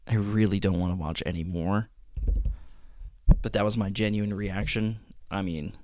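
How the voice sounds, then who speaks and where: A man hosting a reaction video at home at night, rambling and halting as he talks, sounding shaken. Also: fairly low pitch, steady tone, background noise. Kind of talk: casual reaction commentary.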